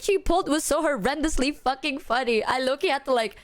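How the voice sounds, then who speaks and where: A woman's voice: high-pitched, fast talker, hardly any pauses. A young woman streamer in casual chat, rambling, swearing a lot and often breaking into laughter.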